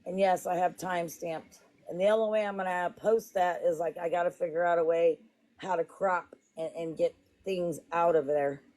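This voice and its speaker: A woman's voice: fairly low pitch, fairly even intonation, normal speed, darkish tone. Rambling woman livestreaming. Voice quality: rambling, fond of "it's like". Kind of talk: casual livestream chat. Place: home kitchen.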